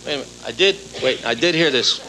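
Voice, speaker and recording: A male comedian on a TV stage, telling a long joke in a rambling, hesitant, deadpan way. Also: medium pitch, quick pace, over a noisy crowd, heavy background noise. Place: TV studio with audience.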